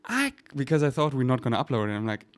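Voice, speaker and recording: A young man with a German accent, hosting a casual podcast chat in an animated, rambling way with lots of "like.". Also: medium pitch, quick pace. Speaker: podcast host.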